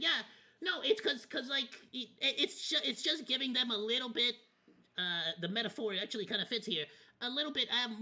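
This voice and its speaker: A man's voice: very high voice, pushed and bright. A man streaming a watch party, rambling through casual commentary in a candid, loosely profane way. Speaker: VTuber streamer.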